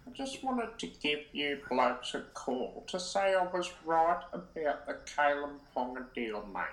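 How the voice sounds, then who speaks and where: A caller putting on a brash, cocky Australian bloke with an exaggerated drawl on a voice message. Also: male voice, on the high side, big pitch swings, unhurried, fairly bright tone. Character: brash blokey Australian man, cocky, says "mate" constantly. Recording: echoey voice message.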